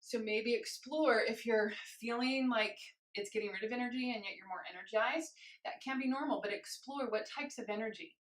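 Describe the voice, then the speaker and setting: A woman instructor leading a guided movement class, cueing each step gently and chanting rhythmic counts while moving along herself. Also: fairly high pitch, moderate pace, echoey room, rough recording.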